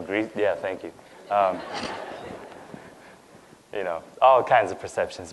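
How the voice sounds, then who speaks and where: A man's voice: on the low side, low-quality recording. A young man from India who grew up in Dubai, giving a personal talk on stage in a conversational way, with frequent fillers and "right?" asides. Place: lecture stage.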